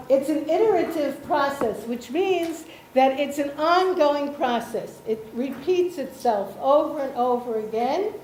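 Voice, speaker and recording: A woman from Israel leads a workshop in a reverberant lecture room, faint ambience behind her. Her voice sits a little high but mellow in tone. She talks slowly, hesitating with ums, and keeps checking that the room follows. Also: a little hiss or hum. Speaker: workshop presenter, association chair. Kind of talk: slow explanatory workshop talk.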